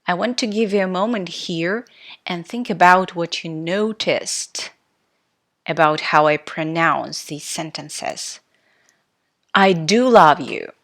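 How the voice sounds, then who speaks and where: A woman teaching a recorded English grammar lesson, speaking clearly and stressing key words in her example sentences. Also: lowish voice, slow pace, a bit bright.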